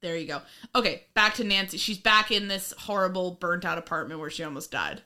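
A woman co-hosting a casual podcast recap, animated and laughing, often swearing and acting out lines from the episode. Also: fairly low pitch, fairly quick. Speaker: podcast co-host.

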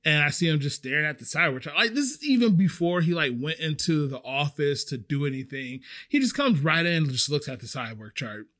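A man casually telling a story about his restaurant job, animated and swearing freely. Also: a little high, a little fast, hardly any pauses. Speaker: restaurant server.

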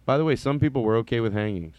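Rapid-fire and animated, this medium-pitched man has a clear, resonant tone, heard with no echo but lo-fi sound. He hosts a comedy podcast, rambling casually off on sidetracks, restarting sentences, and chuckling while telling stories.

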